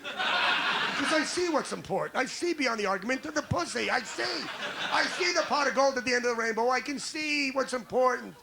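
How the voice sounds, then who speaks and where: A man's voice: extremely high pitch, lively intonation, moderate pace, gravelly, heavy background noise. A man from the United States doing a crude, brash stand-up routine on a comedy club stage, riffing with the crowd.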